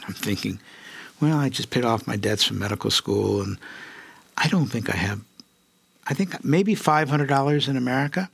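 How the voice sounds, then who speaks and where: An older man talks through his memories as an interview guest, lively and quick to laugh, now and then putting on the voices of people he quotes. His voice is slightly husky and sits in a middle register. The sound is dry and close, with no room echo. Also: mid-range voice. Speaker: guest, physician. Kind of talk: storytelling interview.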